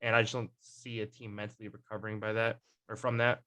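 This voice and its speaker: A young man with a bright, lively tone hosts a casual sports chat. He rambles along, full of fillers and restarts. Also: on the low side, fast talker. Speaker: podcast host.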